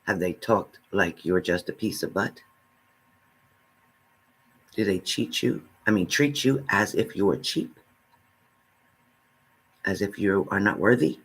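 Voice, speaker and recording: A man's voice: lowish voice, takes it slowly, long pauses, fairly bright tone, breathy edge. A man giving a spiritual reading, speaking earnestly and straight to the listener, repeating his phrases. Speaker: spiritual reader.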